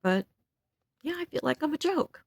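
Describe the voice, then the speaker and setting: A woman's voice: high-pitched, sing-song, normal speed, creaky, a little mellow, no echo. A woman in her seventies venting in a blunt, stern, outspoken way, breaking into laughs between remarks. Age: 70s. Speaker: vlogger. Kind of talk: casual venting monologue.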